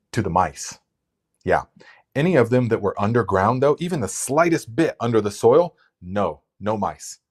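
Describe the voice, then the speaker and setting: A man hosting a casual live gardening Q&A, chatty and rambling, with lots of fillers and restarts. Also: on the low side. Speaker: gardening channel host.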